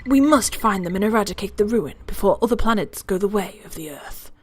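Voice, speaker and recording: A woman's voice: mid-range voice, animated, brisk, slightly rough. A woman voicing an elderly retired protector, reading game dialogue with grave storytelling and calling the listener dear. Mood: solemn.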